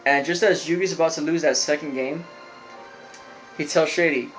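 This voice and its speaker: A man's voice: fairly high pitch, fairly even intonation, moderate pace, fairly bright tone, faint music behind, low-quality recording. A man reviewing an anime episode, retelling the plot in a loose, rambling way with lots of fillers. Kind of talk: casual spoken recap.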